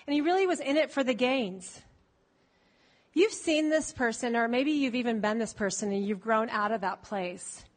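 A woman preacher giving a lively, conversational sermon and playfully teasing her congregation. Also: a little high, normal speed.

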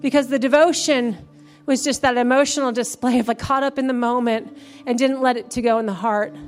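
A woman's voice: fairly high pitch, steady tone, a little fast, soft background music. A woman pastor preaching a sermon in a church, building to fervent, emphatic calls to praise. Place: church sanctuary.

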